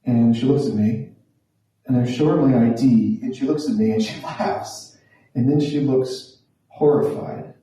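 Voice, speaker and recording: A man's voice: medium pitch, measured pace, mellow. A man in his forties telling a wry, self-deprecating stand-up story in a conversational way on a small stage. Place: small theatre room. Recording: very echoey room, from a distance.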